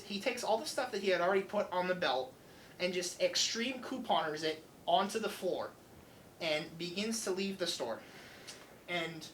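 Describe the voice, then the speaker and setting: A man's voice: fairly high pitch, slight background noise, low-quality recording. A young man hosting student radio, animatedly retelling a story and acting out the dialogue. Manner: animated, acts out customer dialogue. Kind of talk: casual storytelling.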